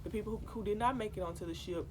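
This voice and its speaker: A woman's voice: medium pitch, very fast. Worked-up young woman vlogging on a noisy ship. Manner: chatty and worked-up, addresses viewers as y'all. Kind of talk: casual direct-to-camera vlog. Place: cruise ship at sea.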